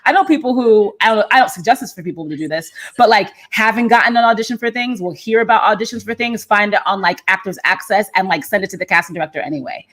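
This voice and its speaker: A woman co-hosting a podcast in casual chat, animated and quick to laugh, talking from a home self-tape setup. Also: medium pitch. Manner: animated, laughing, lots of "like" and "literally". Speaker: podcast co-host.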